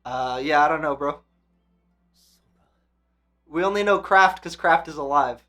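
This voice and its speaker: Recorded with lo-fi sound and soft music behind him, a man with a fairly high voice hosts an anime reaction channel, speaking a little slowly. He's casual, excited and profane, moving between pumped-up shouts and reflective calm.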